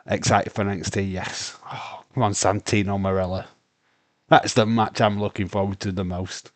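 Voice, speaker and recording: Here the same kind of UK watch-along host rambles bluntly and casually, full of fillers and some swearing. The pitch is lowish and the tone level, at normal speed and with no room sound.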